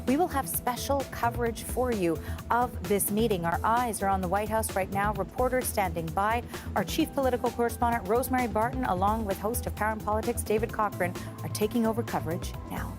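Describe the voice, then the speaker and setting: A woman news anchor handing off between segments, smooth with some fillers. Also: fairly high pitch, brisk. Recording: news broadcast with music behind.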